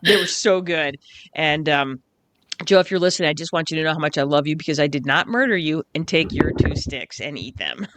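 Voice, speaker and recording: A woman co-hosting a podcast in casual chat, animated and quick to swear when riled up. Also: sits low. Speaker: podcast co-host.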